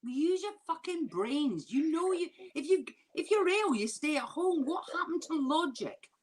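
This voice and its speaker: A woman's voice: sits high, very animated, unhurried, a little mellow. A woman comedian ranting and swearing in a drunken comedy chat over a video call. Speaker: comedian guest.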